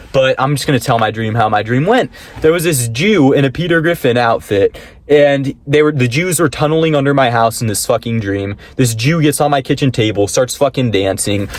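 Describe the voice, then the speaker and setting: A man's voice: mid-range voice, slight background noise. A young man rambling in a casual vlog, swearing often and telling stories animatedly. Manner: profane, rambling, animated storytelling. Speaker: vlogger.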